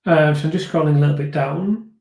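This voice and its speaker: A man talks through viewer comments on a live stream in a slightly high voice, pausing often and restarting his sentences. He sounds reflective and earnest. The room around him is noticeably echoey. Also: gravelly, darkish tone. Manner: thoughtful, hesitant, many fillers and restarts. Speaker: host of a live viewer discussion.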